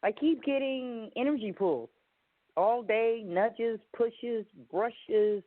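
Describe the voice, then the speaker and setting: A woman's voice: fairly high pitch, takes it slowly, no room sound. A woman from California calling in to a radio show, hesitant and searching for words. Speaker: caller. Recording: tinny phone line.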